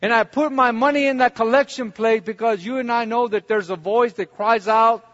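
A man's voice: very high voice, steady tone, normal speed, fairly bright tone. A man preaching a sermon, telling his own story in a conversational way and building to fervent preaching. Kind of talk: sermon with personal testimony. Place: church hall. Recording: dull recording in a reverberant hall.

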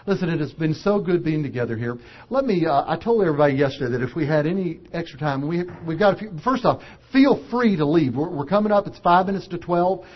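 A man preaching a sermon, an animated storyteller who acts out the voices of characters. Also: a little high, slightly rough, muffled recording.

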